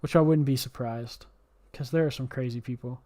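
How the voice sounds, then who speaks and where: A man's voice: medium pitch, steady tone, moderate pace, warm tone. A man hosting a casual podcast chat, rambling with lots of fillers and swearing. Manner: rambling, heavy on fillers and profanity. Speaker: podcast host.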